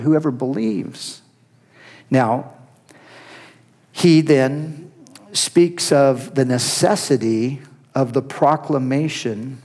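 A man's voice: medium pitch, a little mellow, slightly rough. A man preaching an expository sermon, earnest and emphatic, rising sharply on key points.

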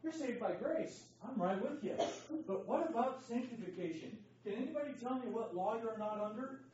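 At normal speed, a Bible study teacher speaks in a very high-pitched, darkish voice with lively intonation, emphatically quizzing his class in an interactive lesson and often checking "okay?". The echoey room recording, made on a distant dull mic, has slight background noise.

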